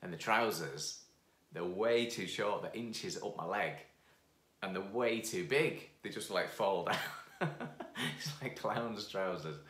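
A man telling a funny personal anecdote in an animated way, laughing often and acting out what people said. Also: fairly low pitch, takes it slowly. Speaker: founder of a piano course. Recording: roomy echo.

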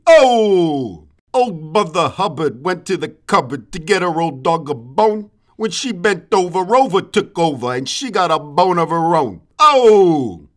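A man's voice: a little high, a bit bright. A man voicing a greedy, crude male cartoon hedgehog star in a brash, foul-mouthed comedic way.

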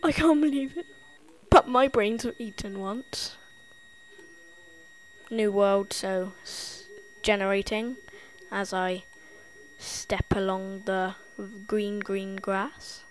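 A woman's voice: medium pitch, slow pace, long pauses. Lisping woman, jumpy game commentary. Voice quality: lisp. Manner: jumpy, easily spooked, giggly. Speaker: gameplay tutorial host. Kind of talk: playful gameplay commentary.

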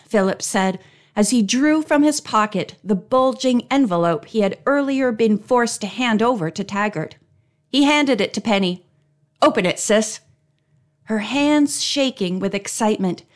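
A woman narrating an old mystery storybook in a clear, expressive reading voice. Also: a little high. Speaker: audiobook narrator.

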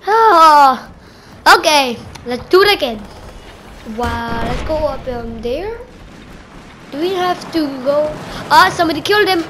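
A woman with a very high, bright voice talks through her gameplay in an excitable, playful way. She keeps to an unhurried pace and breaks into loud exclamations at the action. She calls other players "bro". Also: a little hiss or hum. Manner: excitable, exclaiming at game events. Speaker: gamer. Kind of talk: gameplay commentary.

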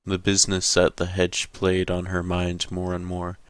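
A man narrating an audiobook in a deep, steady voice with little rise and fall. His tone is smooth and resonant. The recording is close and completely dry. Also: moderate pace, no room sound. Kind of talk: scripted narration.

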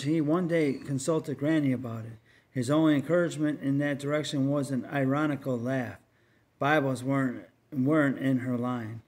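Male reader, mid-pitched, earnest and measured storytelling for a religious tract. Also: a little mellow.

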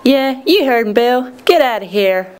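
A woman's voice: on the high side, expressive, moderate pace, lightly acted. A woman voicing a sassy slug gal. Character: spirited young female slug.

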